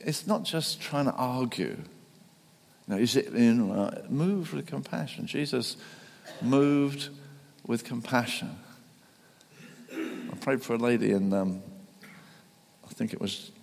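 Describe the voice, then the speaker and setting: A man preaching a sermon, halting and restarting often, then building to fervent emphasis. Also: medium pitch, expressive, vocal fry. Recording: long reverb in a large hall.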